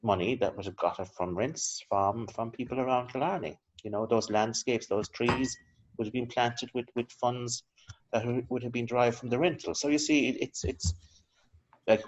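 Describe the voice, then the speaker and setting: A man speaking as a local historian guest in a relaxed interview, talking at length and chuckling between his points. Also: mid-range voice, moderate pace. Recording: slightly dull lo-fi recording.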